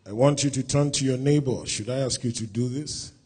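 A pastor preaching a sermon at a church service, speaking deliberately and rising to loud, emphatic scripture reading. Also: male voice, mid-range voice, husky.

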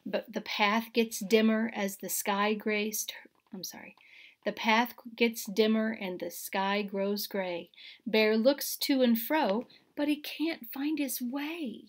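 Young children listen as a kindergarten teacher reads them a picture book slowly, her voice fairly high. Expressive all the way through, she lowers to a hush when things get scary and asks the kids questions along the way.

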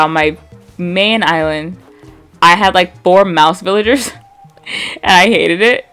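A young woman from the American Midwest, chatting casually with vocal fry and wry asides while she plays a game. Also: lowish voice, fairly bright tone. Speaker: gaming YouTuber.

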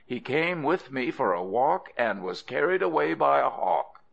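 A man voicing a shrewd, calm male traveler who speaks with dry irony. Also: medium pitch, a little slow, creaky, voice pushed up, heavily acted. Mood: sly. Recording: dull lo-fi audio.

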